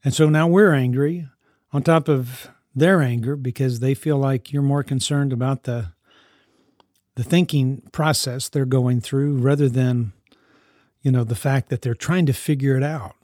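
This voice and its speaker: A man's voice: medium pitch, steady tone, a little slow, a little mellow, no room sound, studio quality. Earnest man giving a parenting talk. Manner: earnest, repeats and restarts phrases. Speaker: youth mentor living with teens.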